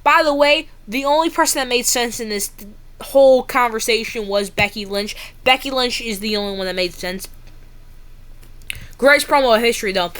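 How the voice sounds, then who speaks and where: A woman giving a casual, excitable wrestling recap, ranting and saying "bro" a lot. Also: on the high side, normal speed.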